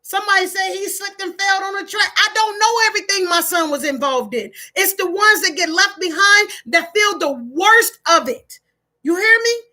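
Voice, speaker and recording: A middle-aged woman, preaching to her live-stream viewers. Her voice sits very high and rings bright and forceful. She talks emphatically and straight from the heart. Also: normal speed. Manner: preachy, emphatic, in Black American vernacular. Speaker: online talk host. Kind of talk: live-stream motivational talk.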